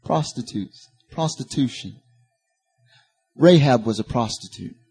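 A man's voice: mid-range voice, lively intonation, a little slow, dark tone, breathy edge, soft background music. A man preaching a sermon, building to emphatic peaks and turning to the congregation with casual asides. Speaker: pastor.

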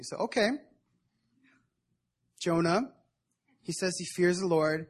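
A man's voice: sits high, moderate pace, long pauses. A young man preaching at a prayer meeting in a casual, conversational way, retelling a Bible story in everyday slang. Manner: conversational, acts out Bible figures in modern slang. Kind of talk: casual sermon.

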